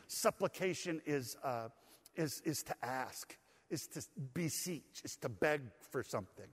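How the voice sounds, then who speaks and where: An older male pastor with a high-pitched voice delivers a folksy, conversational sermon. The talk carries touches of humor. His voice rings out through a church hall with a long reverb. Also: animated, measured pace, slightly rough. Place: church sanctuary.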